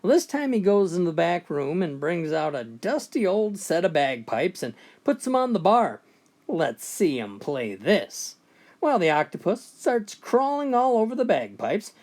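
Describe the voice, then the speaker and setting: A man's voice: sits high, sing-song, moderate pace, few pauses, a little mellow. A man telling a string of bar jokes in a folksy storytelling manner, often starting with "well". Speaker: joke teller.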